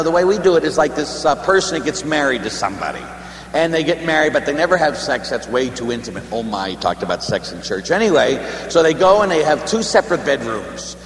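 Man, Catholic priest, chatty joking sermon; reverberant church recording, light hum. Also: mid-range voice. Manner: conversational, joking storyteller. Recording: echoey church with long reverb, faint hum.

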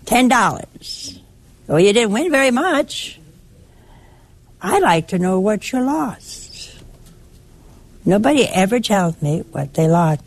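An older woman giving a sermon in a conversational, lively way, teasing and chiding her listeners affectionately. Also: mid-range voice. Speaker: preacher.

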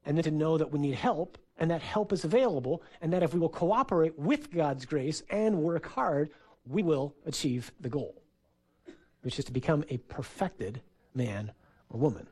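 A man's voice: fairly high pitch, expressive, moderate pace, dark tone. A man who is a priest, giving a sermon in a conversational, storytelling way for a radio program. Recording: radio broadcast.

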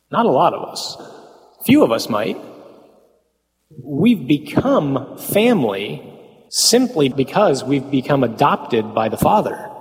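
A man's voice: mid-range voice, a little mellow, long reverb tail. A man giving a conversational talk on the Mass to a parish group, asking rhetorical questions, tagging lines with "huh?" and slipping in folksy humorous asides.

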